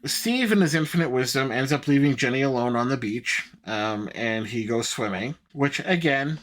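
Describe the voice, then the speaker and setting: A man of average pitch co-hosts a podcast and walks through a film's story in a relaxed, rambling way. He leans on fillers and loose asides as he goes. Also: normal speed. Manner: easygoing, rambling, many fillers. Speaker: podcast co-host. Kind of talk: casual chat recapping a film plot.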